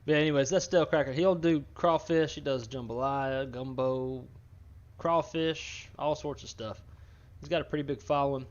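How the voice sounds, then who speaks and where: A man chatting in a relaxed, rambling way on his stream. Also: mid-range voice, moderate pace. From northern Louisiana. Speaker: flight sim streamer. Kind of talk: casual stream chat. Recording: dull lo-fi stream audio.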